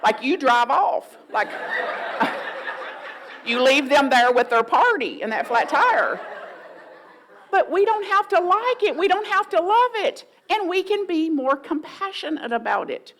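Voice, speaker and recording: Woman, pastor, sermon, playful, folksy, higher pitch. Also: sing-song, a little slow, a bit bright, rough recording. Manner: folksy, playful, mimics voices for humor. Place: church sanctuary.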